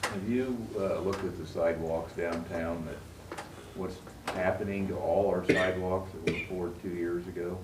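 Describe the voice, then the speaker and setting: A man with a very low voice speaks bluntly at a council meeting, picked up from far off. The sound is roomy and carries a clear noisy hiss. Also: fairly even intonation, moderate pace. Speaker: council member. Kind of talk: public meeting discussion. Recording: roomy far-off mic with noise.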